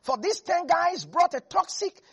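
A preacher delivering a lively sermon to a congregation, laughing often and acting out Bible characters in different voices. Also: extremely high pitch, a little slow. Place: church with a congregation.

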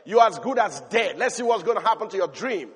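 A man's voice: sits high, lively intonation, fast talker, breathy edge, in a large hall. A man preaching who voices a cruel older brother, curt and dismissive. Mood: scornful.

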